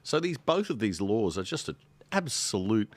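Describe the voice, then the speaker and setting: A man's voice: lowish voice, very animated, normal speed, no room sound. A man speaking as a guest commentator on a podcast panel, emphatic and indignant as he argues his point. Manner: emphatic, rising into exasperated indignation. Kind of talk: casual panel discussion.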